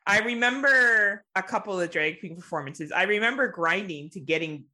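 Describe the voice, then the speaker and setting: A woman co-hosts a casual podcast, and her voice swoops up and down as she tells stories. Her tone is bright and clear. She laughs often and swears without a second thought. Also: medium pitch, normal speed. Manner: animated, laughing storyteller who swears freely. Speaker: podcast co-host.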